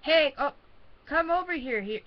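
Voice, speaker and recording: A woman's voice: high-pitched, expressive, unhurried, muffled recording, voice pushed up. A woman voicing a mean male ventriloquist dummy with threatening growled lines. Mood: menacing.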